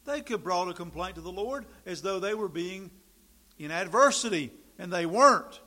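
A man preaching a sermon in an animated, sarcastic way, swinging from quiet remarks to loud, emphatic bursts. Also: high voice, moderate pace.

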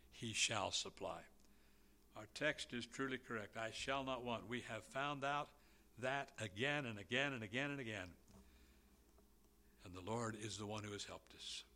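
A man preaching a sermon, slow and emphatic, with a volume that swells and drops. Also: medium pitch, bright, forceful tone.

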